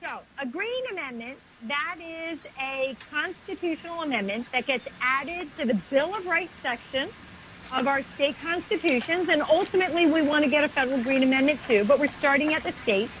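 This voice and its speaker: A woman's voice: sits high, moderate pace, a bit bright, slight background noise, poor audio. A woman guest on a talk show, explaining her advocacy earnestly and at length, speaking over a remote call. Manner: earnest, fluent with restarts. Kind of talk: casual interview talk.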